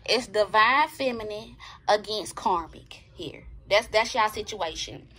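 A woman's voice: medium pitch, measured pace, fairly bright tone, husky. A woman giving a casual tarot reading, talking bluntly and profanely and checking in with her viewers. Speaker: tarot reader.

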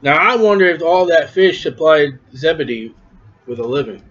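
Man, preacher, high voice, sermon, asks and answers himself, dull lo-fi recording. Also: lively intonation, moderate pace, a bit bright, breathy edge. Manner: conversational, asks and answers his own questions; acts out quoted voices with raised pitch.

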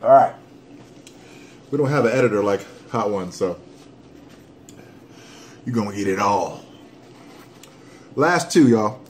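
A man's voice: fairly low pitch, measured pace, long pauses, a little hiss or hum. Man vlogging a hot sauce challenge. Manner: animated, joking, breaks into whoops and coughs. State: mouth burning from hot sauce. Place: at home.

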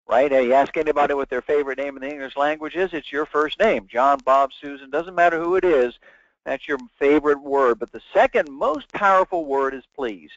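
Man, sales trainer, emphatic webinar talk, fairly high voice, dry muffled audio. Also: brisk, no echo. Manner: emphatic, acts out phone calls. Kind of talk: webinar lecture.

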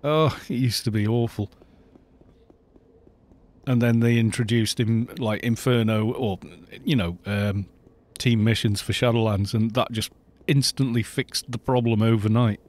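A man's voice: mid-range voice, fairly even intonation, measured pace, darkish tone. Rambling, laughing man streaming a game. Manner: rambling and jokey, laughs often. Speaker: gaming streamer. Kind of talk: casual live-stream chat while playing.

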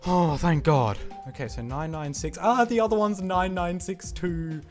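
A man's voice: high-pitched, measured pace. A man commenting as he plays a rhythm game, breaking into exasperated outbursts and mocking himself. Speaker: gamer playing a rhythm game. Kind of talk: live gameplay commentary. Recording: game music under voice. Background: electronic game music.

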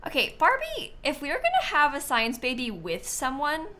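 A woman's voice: sits high, wildly swooping pitch, moderate pace, bright, forceful tone. A woman streamer chatting casually while she plays a life-sim game, thinking aloud and sounding a little sleepy. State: sleepy, yawning. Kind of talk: casual gameplay commentary.

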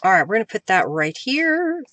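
A woman's voice: mid-range voice, big pitch swings, moderate pace, a bit bright, no echo. A woman hosting a live crafting stream, chatting casually as she works and greets viewers. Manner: chatty, reads out viewer comments with bursts of cheer. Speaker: crafting livestream host.

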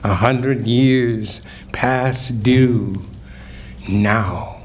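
Older male keynote speaker, unhurried, declamatory poetry reader with ringing emphasis. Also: mid-range voice, a little hiss or hum. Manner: slow, declamatory, rising to ringing emphasis on key words. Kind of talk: dramatic poetry reading and lecture. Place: event hall at a community breakfast.

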